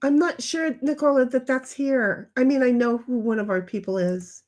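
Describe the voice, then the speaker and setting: High-voiced older woman chatting bluntly. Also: moderate pace, darkish tone. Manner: blunt, rambling and profane. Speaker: livestream host reading chat. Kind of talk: casual livestream chat.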